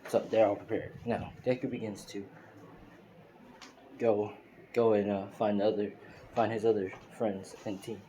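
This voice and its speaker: Brief: low-voiced man, rambling fan-story narration, noisy phone recording. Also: level tone, unhurried, pauses often, dark tone. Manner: loose, filler-heavy retelling.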